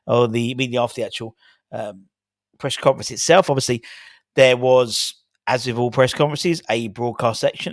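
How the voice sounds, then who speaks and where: A middle-aged man chats on his own about his football club, rambling, restarting sentences and dropping in fillers as he goes. His voice sits in a middle pitch and the recording is close and very dry, with no room sound. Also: dry recording. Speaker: fan channel host. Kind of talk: casual solo video chat.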